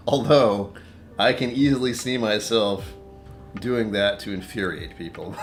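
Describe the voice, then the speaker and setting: A man's voice: on the low side, moderate pace, faint music behind. A man hosting a casual whiskey-tasting livestream from his apartment, rambling, talking to himself and chuckling often.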